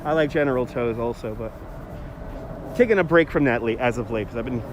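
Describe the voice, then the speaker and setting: On a noisy outdoor walk through a city park, a man speaks briskly at medium pitch. It's a casual, meandering livestream where he reacts to viewer comments, recorded on a phone held on a handheld gimbal.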